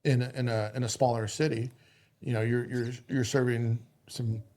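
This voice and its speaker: A man's voice: mid-range voice, level tone, normal speed, a little mellow. A man hosting a podcast, a chef himself, talking loosely in casual conversation, swearing offhand and telling stories.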